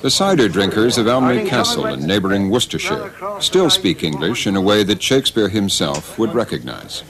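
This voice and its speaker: A man giving scripted documentary narration with an expressive, rising and falling delivery. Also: on the low side, fairly quick, crowd noise.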